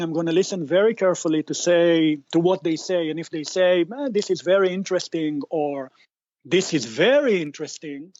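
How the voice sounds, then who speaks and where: A fairly high-pitched man speaks in a measured, explanatory way, often stopping to restart and repeat a word before carrying on. His voice comes through a dull, slightly lo-fi remote line with no room echo. He sounds like a guest answering questions in a podcast interview. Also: darkish tone. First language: Hebrew. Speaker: tech company founder guest.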